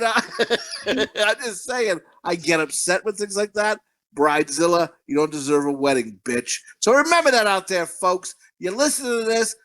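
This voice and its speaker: A man's voice: high-pitched, fairly bright tone. A man co-hosting a podcast, ranting bluntly and swearing constantly in casual chat. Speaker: podcast co-host.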